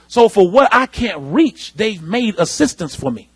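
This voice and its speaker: High-voiced husky preacher man. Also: unhurried, few pauses. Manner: animated preaching, calls out to the congregation. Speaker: pastor. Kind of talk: sermon. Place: church sanctuary.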